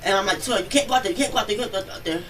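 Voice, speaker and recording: A woman witness giving a rapid, breathless account of events to police at home. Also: medium pitch. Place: home, near the kitchen. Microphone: police bodycam. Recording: distant bodycam audio with background noise.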